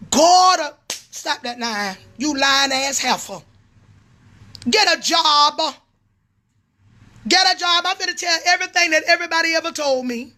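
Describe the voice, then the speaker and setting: A middle-aged woman, a prophetess and pastor, ranting angrily on a livestream, swearing and repeating herself. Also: high voice. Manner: furious, repetitive, swearing, sometimes shouting. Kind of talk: angry livestream rant.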